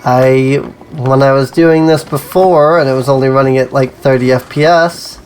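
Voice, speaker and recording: Let's play host, casual gameplay commentary, chatty, self-amused, mid-pitched voice, faint ambient hiss. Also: steady tone, moderate pace, a little mellow. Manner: chatty and self-amused, with sudden yelps at mishaps.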